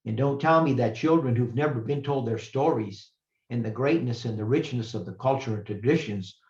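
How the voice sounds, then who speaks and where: An older man speaks as a guest lecturer, earnest and reflective, often pausing and restarting his sentences. His voice sits at an ordinary pitch. The recording sounds roomy and a little muffled. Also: a little mellow. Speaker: retired professor, guest speaker. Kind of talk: personal storytelling lecture.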